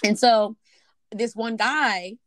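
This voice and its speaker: Animated woman telling stories on a podcast. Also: on the high side, slow, dry recording. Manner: animated, swears freely, acts out the other people in her stories. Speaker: podcast co-host. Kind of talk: casual storytelling chat.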